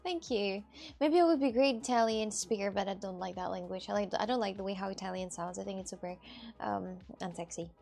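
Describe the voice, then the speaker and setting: Chatty streamer woman with a gravelly voice. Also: mid-range voice, brisk, darkish tone. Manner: chatty, answers viewer messages, teasing. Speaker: livestreamer reading chat. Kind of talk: casual live-stream chat.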